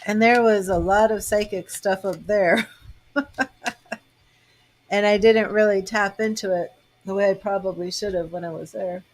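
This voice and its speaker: A tarot reader and psychic host, this middle-aged Bostonian chats casually with livestream viewers, rambling and laughing often. Her mid-range voice has fairly even intonation and a moderate pace. She pauses frequently.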